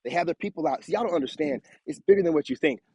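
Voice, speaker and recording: A man's voice: on the high side, racing, darkish tone, slightly rough, dry recording. A man, giving an emphatic, repetitive motivational monologue to his viewers. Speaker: spiritual content creator.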